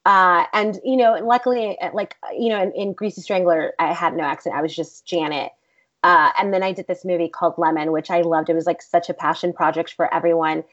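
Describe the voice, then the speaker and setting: Animated Texan actress, interview guest, rambling anecdotes, slightly muffled recording. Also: female voice, on the low side, a little fast. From Texas. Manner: animated, rambling, many fillers like "like". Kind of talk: casual interview storytelling.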